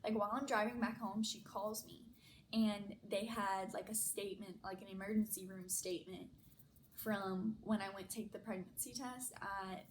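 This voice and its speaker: A woman's voice: mid-range voice, fairly even intonation, normal speed. A young woman telling a personal story in a chatty, casual way, full of "like" fillers. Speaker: vlogger. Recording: echoey room, faint noise.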